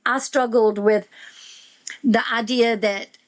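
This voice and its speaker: A woman's voice: on the high side, fairly even intonation, takes it slowly. A woman who is a guest on a podcast, speaking in an earnest, encouraging way as a veteran homeschool mom. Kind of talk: podcast conversation.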